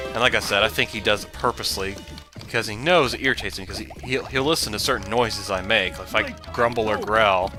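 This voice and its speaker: A man with a somewhat low voice rambles through casual gameplay commentary. He keeps drifting into side stories, with game music playing clearly behind him. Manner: rambling, chatty, drifts into tangents. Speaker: let's play commentator.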